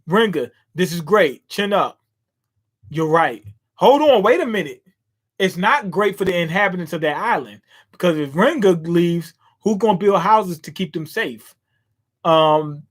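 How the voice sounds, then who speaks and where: A man reading a comic aloud and commenting casually, with quick asides on the panels. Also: high voice. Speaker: manga reader and commentator. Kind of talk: casual read-through with commentary.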